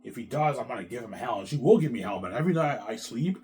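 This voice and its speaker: A man in a rambling monologue, repeating himself, swearing and jumping between quiet mumbles and loud outbursts. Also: medium pitch, expressive, fast talker, few pauses. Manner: repetitive, restarts, keeps saying "man"; profane, agitated swings in loudness.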